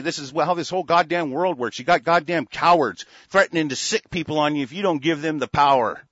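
A man's voice: fairly high pitch, fairly quick, hardly any pauses, a bit bright, dry recording. A man hosting a radio show, delivering an angry, profane political rant full of stammered restarts. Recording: dull lo-fi dry recording.

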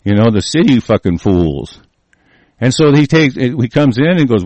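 A man's voice: medium pitch, expressive, moderate pace, darkish tone, dry recording. A man in a heated, profane, rambling rant, often breaking off and restarting his sentences. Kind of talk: casual ranting monologue.

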